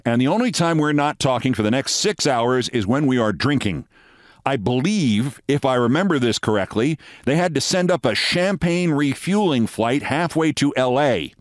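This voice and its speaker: An older man hosting a show, telling a long anecdote in a lively way and acting out the dialogue. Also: medium pitch, no echo, studio quality. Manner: lively storyteller, acts out quoted dialogue. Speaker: host. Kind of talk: storytelling anecdote.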